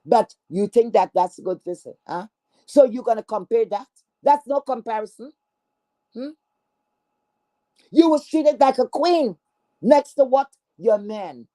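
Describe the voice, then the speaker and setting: In a slightly high, mellow voice, a woman streamer goes on a profane, angry callout rant, scornful and confrontational. She keeps repeating herself and stumbles into stammering restarts.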